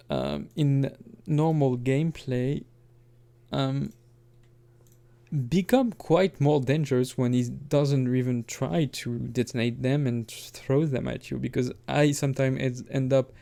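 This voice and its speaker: In a medium-pitched, creaky voice with a dark tone, a man gives offhand let's-play commentary as a gaming commentator. His talk meanders, he corrects himself along the way, and he adds little chuckles.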